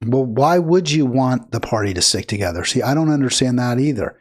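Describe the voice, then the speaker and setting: A man's voice: mid-range voice, big pitch swings, moderate pace, few pauses. A man commenting on played clips, indignant and emphatic, his voice rising into heated bursts. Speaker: political commentator.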